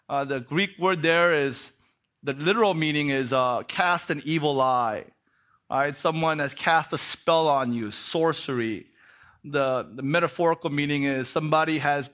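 Animated pastor preaching, bright voice. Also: male voice, a little high, highs cut off. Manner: animated, rhetorical "right?" asides. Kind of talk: sermon.

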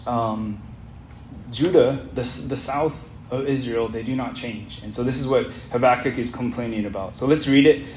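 Earnest man teaching a roomy Bible class. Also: medium pitch. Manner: earnest, asks the group questions. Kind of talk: interactive Bible study lesson. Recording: roomy echo, faint background noise.

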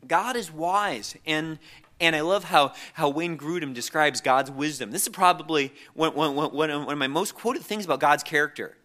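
Male preacher, earnest sermon delivery, bright and fairly high voice, stumbles and repeats words. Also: moderate pace. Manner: earnest, repeats words when restarting, reads scripture aloud.

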